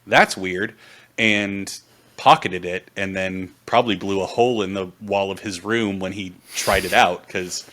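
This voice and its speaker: A man's voice: low-pitched, steady tone, normal speed, a bit bright, slight background noise. A man playing a tabletop game, casually chatting and joking about his character. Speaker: player.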